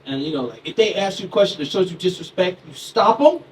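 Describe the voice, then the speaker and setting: Stand-up comic, man in his thirties, lively and chatty; distant mic, club noise. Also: high-pitched, fast. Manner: loose, chatty, laughs into his lines, talks with the crowd. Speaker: stand-up comedian. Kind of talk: stand-up comedy set. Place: comedy club stage.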